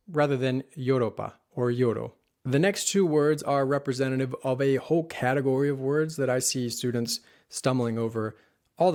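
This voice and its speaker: A man teaching Spanish pronunciation in an online lesson, saying each word slowly and carefully to show how it should sound. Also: medium pitch, darkish tone. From United States. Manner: clear, careful modeling of words.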